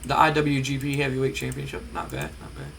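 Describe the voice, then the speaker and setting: A man casually narrating his wrestling management game, chatty and relaxed with frequent ums. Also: mid-range voice, fairly quick, creaky, slight background noise. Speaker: gamer narrating a wrestling sim. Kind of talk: casual let's-play commentary.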